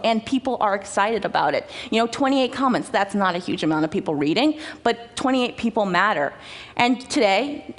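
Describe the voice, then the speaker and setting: Young woman, chatty conference talk, self-mocking humor, animated delivery, stage microphone in a large hall. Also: medium pitch. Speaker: conference speaker. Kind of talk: personal talk to a conference audience.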